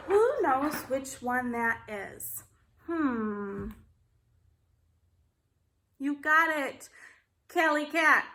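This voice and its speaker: A woman teaching a phonics lesson to kindergartners on video, speaking slowly and in a sing-song manner as she reads and spells along. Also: sits high, fairly bright tone, slight background noise. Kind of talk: video lesson for young children. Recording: echoey room.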